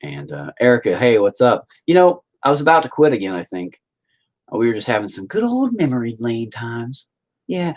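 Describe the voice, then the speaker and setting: A man chatting casually with his viewers on a live stream, crude and joking, sometimes bursting into loud high-pitched exclamations. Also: big pitch swings, a little fast. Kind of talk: casual chat.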